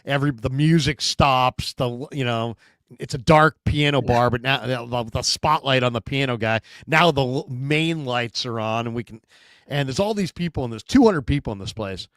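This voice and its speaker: Animated male sports show host. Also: medium pitch, normal speed, no room sound, clean studio sound. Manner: animated storyteller, acts out quotes. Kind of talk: casual sports chat.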